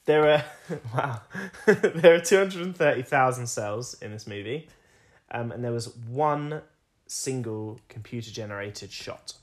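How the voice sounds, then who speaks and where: A man's voice: medium pitch, lively intonation, measured pace. A young man co-hosting a podcast, chatting casually, explaining at length and laughing often. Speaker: podcast co-host.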